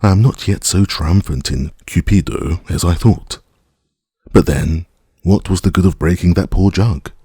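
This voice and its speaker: Deep gravelly guy reading a vain dreamy poet, all flowery and theatrical, husky voice. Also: unhurried, warm tone, no room sound, studio quality. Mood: pleading. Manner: florid, theatrical speech. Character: vain, dreamy young male poet, amorous and talkative.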